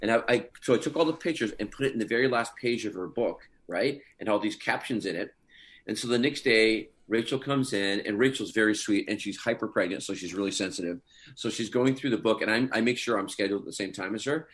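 Guy w a lowish voice spinning fun set stories, animated, keeps chuckling. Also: fast talker. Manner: animated storyteller, chuckles often. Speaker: guest actor. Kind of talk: casual anecdote telling.

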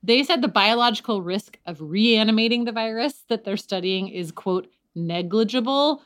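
A woman's voice: on the high side, normal speed, fairly bright tone. Emphatic woman podcast host. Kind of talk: casual chat.

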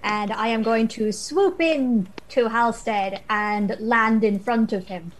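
A woman's voice: a little high, slow pace. A woman playing in a tabletop role-playing game, bold and playfully stern. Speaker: player. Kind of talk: casual tabletop play.

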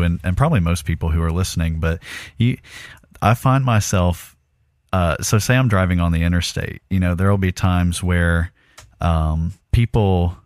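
A man co-hosting a podcast, telling a story in a relaxed, casual way and murmuring agreement. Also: low-pitched, clean tone, no room sound, clean studio sound. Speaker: podcast co-host.

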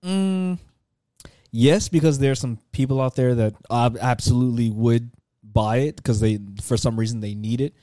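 A man's voice: mid-range voice, normal speed, dark tone, no echo, clean studio sound. A young man co-hosting a podcast in casual chat, rambling and joking, often repeating himself. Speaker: podcast co-host.

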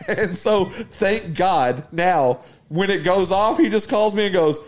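Casting: man, high-pitched, animated storyteller on a chat podcast. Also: moderate pace. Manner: animated storyteller, acts out family members' lines. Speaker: podcast co-host. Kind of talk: casual chat.

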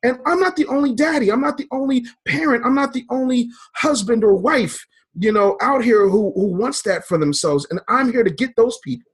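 Fervent husky-voiced man. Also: very high-pitched, normal speed. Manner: fervent, preacher-like, builds in repeated phrases. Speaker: business coach and speaker. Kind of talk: motivational interview talk.

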